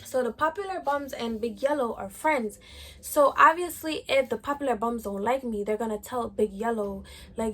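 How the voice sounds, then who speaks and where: Young adult woman, high voice, casual slangy storytime vlogger. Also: moderate pace. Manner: slangy, chatty, lots of "like" fillers.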